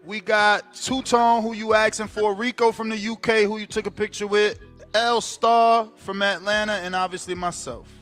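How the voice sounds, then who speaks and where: A man hosting a call-in stream, briskly introducing the callers. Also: high voice, flat delivery, a bit bright, soft background music. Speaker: host.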